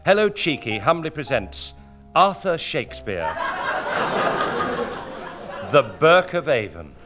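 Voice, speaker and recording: A man introduces a comedy sketch with mock-grand announcing, his voice lively and animated in pitch and slightly high. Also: takes it slowly, long pauses, over loud music. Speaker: comedy show presenter.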